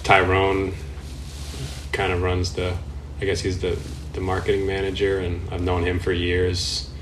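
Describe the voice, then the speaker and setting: A man's voice: low-pitched, completely flat delivery, a little slow, slight background noise, poor audio. A man talking as a podcast guest in a laid-back, casual way, swearing freely and laughing often. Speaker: podcast guest, professional skateboarder. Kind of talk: casual chat.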